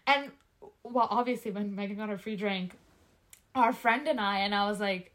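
A young woman from Canada co-hosting a podcast, telling a night-out story in casual, animated chat, laughing often and swearing freely. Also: medium pitch, moderate pace. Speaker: podcast co-host.

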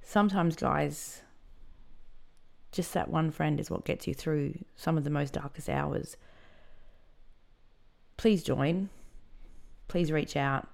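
Gravelly woman telling her story. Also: sits low, takes it slowly, pauses often. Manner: candid and conversational, with many fillers. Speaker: podcast host. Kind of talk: personal storytelling.

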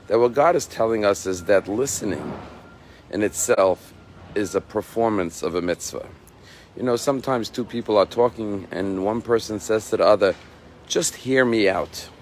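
Rabbi guy preaching slow and deliberate, voice sits kinda low, slight background hum. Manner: measured, emphatic preaching with slow stressed phrases. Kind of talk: sermon.

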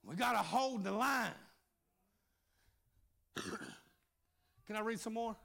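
A male pastor preaching a sermon, telling a story and shouting with many "uh" fillers. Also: high voice, slow pace, gravelly.

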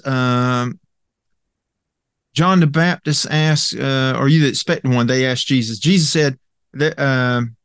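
A man's voice: on the high side, dry recording, studio quality. A man teaching a Bible study lesson in a conversational way, with many fillers and restarts as he quotes scripture.

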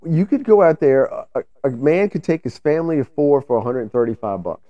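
A man co-hosts a casual podcast, trading banter and telling loose, rambling, laid-back stories laced with profanity. His voice is fairly high, animated, and brisk. The recording is dry, with the highs cut off.

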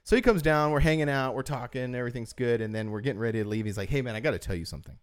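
A man in casual podcast chat, winding through stories with plenty of "like" and restarts. His pitch sits in an ordinary middle range. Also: very fast, clear, resonant tone. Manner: rambling storyteller, heavy use of "like". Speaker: podcast co-host.

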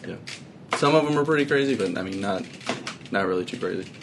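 A man's voice: deep voice, expressive, fast talker, noisy background. A young man co-hosting a casual podcast chat, easygoing and agreeable. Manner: easygoing, agreeable, says yeah a lot. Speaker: podcast co-host.

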